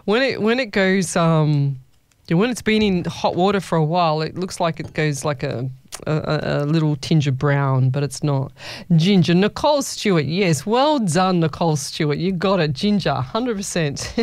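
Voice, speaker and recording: Brief: woman, radio host, smooth, clear voice, dry studio sound, easygoing chatter with listeners. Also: sits low, animated, normal speed, no room sound. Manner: chatty, warm-hearted, calls listeners "lovey". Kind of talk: casual call-in radio chat. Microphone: studio microphone.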